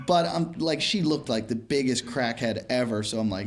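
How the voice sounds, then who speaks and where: A comedian in casual chat, telling a rambling story. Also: male voice, mid-range voice, fast, few pauses.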